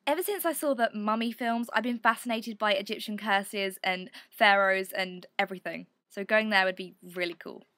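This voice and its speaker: A woman's voice: mid-range voice, moderate pace, few pauses, pushed and bright, no echo, clean studio sound. A young woman, chatting to camera in a rambling, self-deprecating way. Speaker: vlogger. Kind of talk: casual chat to camera.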